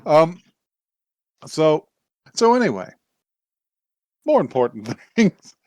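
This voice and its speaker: A man's voice: a little high, very animated, slow, a little mellow, dry recording, clean studio sound. Rambling man recapping an anime. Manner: rambling with many fillers and restarts, laughs often. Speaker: podcast host. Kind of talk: casual recap chat.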